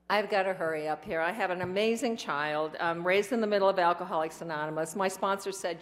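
A woman's voice: low voice, fairly even intonation, a little fast. A woman sharing her personal recovery story at a meeting, rambling and emotional, acting out what others said to her. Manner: rambling, emotional storytelling that acts out quoted voices.

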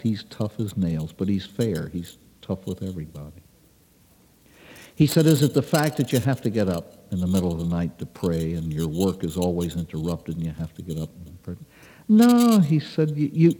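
A man delivering a sermon in a big, reverberant church, his low, husky voice swinging widely as he tells a story. The tone is mellow and folksy. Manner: folksy storytelling, acting out dialogue with rising pitch. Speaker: priest. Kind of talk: sermon with a told anecdote. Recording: long reverb of a large hall.

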